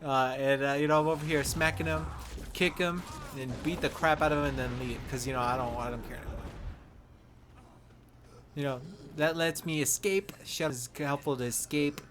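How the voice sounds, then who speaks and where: A man's voice: fairly high pitch, fairly even intonation, moderate pace, background noise. Playful rambling male gamer. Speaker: gaming channel host. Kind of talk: casual game guide commentary.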